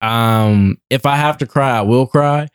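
A man's voice: mid-range voice, measured pace, smooth. A young man, a guest actor in a casual podcast interview, telling stories animatedly and laughing often.

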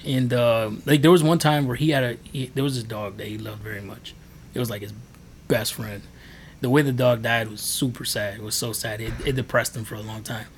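On a podcast, a man shares his faith testimony in a casual, earnest, rambling way, packed with fillers. His mid-range voice moves fairly quickly with fairly even intonation, and there's a little hiss or hum. He is a podcast guest.

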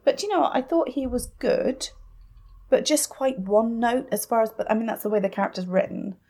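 A woman co-hosts a casual fan podcast, chatting and rambling with plenty of fillers and restarts. Her voice is mellow, a little high, and fairly quick.

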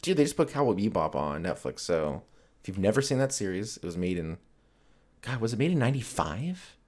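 A man's voice: on the low side, sing-song, a little fast, a little mellow. A man hosting a solo podcast, rambling casually and swearing freely between jokes. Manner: rambling, profane, joking. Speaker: podcast host.

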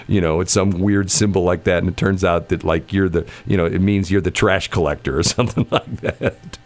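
A man's voice: deep voice, fairly even intonation, a little fast, few pauses, a little mellow. A middle-aged man hosting a radio show, telling rambling stories in casual chat, laughing often and restarting his sentences. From United States. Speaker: radio host.

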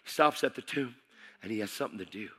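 A man preaching a sermon, passionate and emphatic, repeating phrases and swinging from hushed to shouting. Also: mid-range voice, fast talker.

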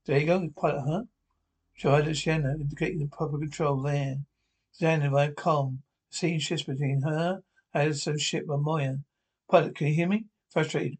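A man's voice: fairly high pitch, steady tone, moderate pace, husky. A man reading an episode script aloud, directions and dialogue alike, with frequent stumbles and restarts. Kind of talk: read-aloud script narration.

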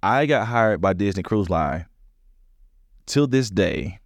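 Taking his time, a man with a fairly low voice shares stories as a comedian guest in an easygoing interview. He animates them by voicing the other characters' lines, and the recording is dry.

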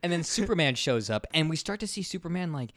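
A man's voice: on the high side, very animated, quick pace, fairly bright tone, no room sound, clean studio sound. A man co-hosting a podcast, casually retelling a movie's scenes, swearing freely and slipping into mock quotes of the characters. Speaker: podcast co-host. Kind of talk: casual movie recap chat.

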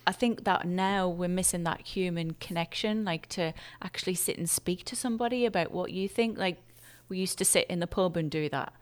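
A woman from England chatting casually as an interview guest, chatty and quick to laugh. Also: fairly low pitch, clean tone.

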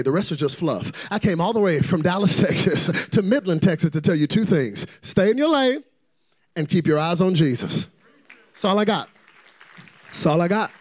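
A man preaching a fervent, playful sermon as a guest preacher, often swelling into shouts. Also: a little high.

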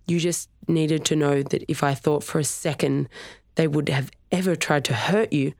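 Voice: medium pitch, fairly even intonation, normal speed, gravelly, no echo, clean studio sound, lightly acted. A narrator voicing an earnest young man who is explaining himself in an audiobook. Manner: earnest, murmuring. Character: apologetic young man, pleading.

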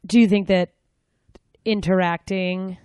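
A woman's voice: medium pitch, fairly even intonation, a little slow, darkish tone, smooth, dry recording, studio quality. A woman hosting a casual interview, curious and asking probing follow-up questions. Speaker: host.

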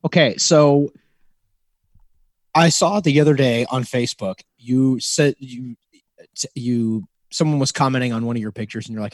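A man's voice: mid-range voice, normal speed, no room sound. A man co-hosting a podcast, teasing his partner in casual banter. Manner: teasing, wry. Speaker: podcast co-host.

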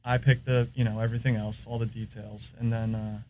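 A man's voice: fairly low pitch, flat delivery, a little fast, darkish tone. A man with an American accent, a podcast guest, telling long rambling stories in casual chat. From United States. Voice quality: rambling, filler-heavy storytelling.

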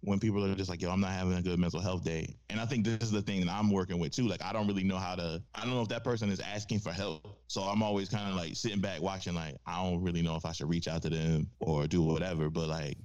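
A man hosting a casual podcast chat, animated and profane, acting out the voices he quotes. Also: low-pitched, fast, few pauses. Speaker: podcast host. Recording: dull lo-fi sound.

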